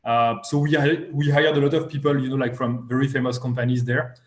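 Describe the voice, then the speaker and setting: A man's voice: medium pitch, level tone, fairly quick, roomy sound. A man speaking as a guest investor in a live online interview, talking hesitantly with many fillers.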